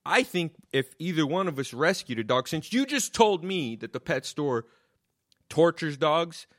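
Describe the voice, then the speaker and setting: A man's voice: a little high, very animated, measured pace. Swearing man on a comic rant. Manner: mocking, swears constantly, repeats insults. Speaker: comedian.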